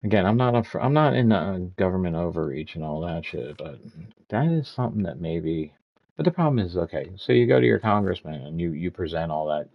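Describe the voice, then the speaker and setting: A man's voice: deep voice, lively intonation, a little fast, vocal fry, dull audio. A man in his fifties streaming a game, ranting and swearing as he tells stories in casual chat. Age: 50s. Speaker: gaming streamer.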